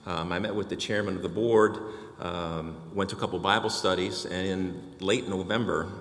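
Deep-voiced older man telling his story. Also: fairly even intonation, normal speed, fairly bright tone, echoey room, in a large hall. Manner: storytelling, acting out dialogue. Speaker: church member giving testimony. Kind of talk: personal testimony before a congregation.

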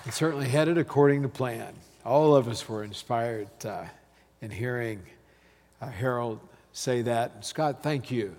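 Pastor in a reverberant sanctuary. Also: male voice, mid-range voice, measured pace, darkish tone, a little hiss or hum. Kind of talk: sermon.

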